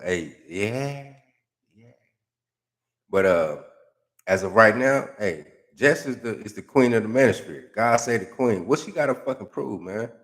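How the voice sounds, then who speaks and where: A man who makes YouTube commentary reads comments aloud in a fairly low voice, going a bit slowly. He ridicules them with crude, slangy, sarcastic and animated banter.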